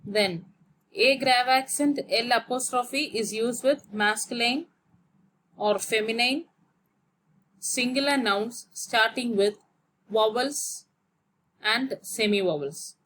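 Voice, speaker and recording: Slow, careful woman teaching grammar. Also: fairly high pitch, a bit bright, slight background noise. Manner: slow, explains step by step and spells out letters. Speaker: French teacher. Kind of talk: grammar lesson.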